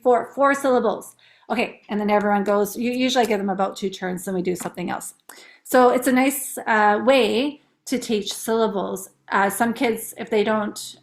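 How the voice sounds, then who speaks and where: A woman teacher chatting casually and upbeat, explaining how she teaches young kids to count syllables. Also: on the high side. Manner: chatty, upbeat, demonstrates words slowly in syllables.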